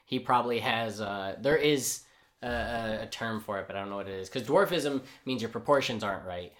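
A man co-hosting a podcast in casual chat, retelling a comic book's scenes with animated asides and acted-out lines. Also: lowish voice, fairly quick. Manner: animated storyteller who acts out characters' lines. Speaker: podcast co-host.

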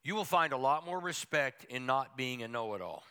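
A man's voice: mid-range voice, animated, normal speed, bright, forceful tone, clean tone. A middle-aged man, a pastor, preaching a folksy and humorous sermon with playful asides to the congregation.

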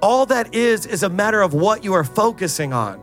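Over soft background music, a middle-aged pastor moves from his sermon into fervent, sing-song prayer, calling out to the congregation again and again. He speaks at a normal speed in a high-pitched, very animated voice.

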